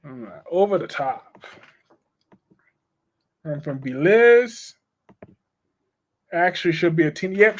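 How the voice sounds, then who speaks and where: A man hosting a casual live stream about soap operas. He talks bluntly and chattily and reads out viewer comments as he goes. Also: a little high.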